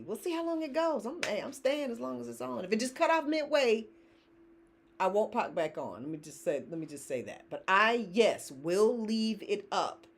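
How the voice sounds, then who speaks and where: Middle-aged woman, founder hosting a live sale, very expressive, chatty and laughing. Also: medium pitch. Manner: chatty, laughs often, reads viewer comments aloud. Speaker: company founder hosting live shopping stream. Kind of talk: casual live-stream chat.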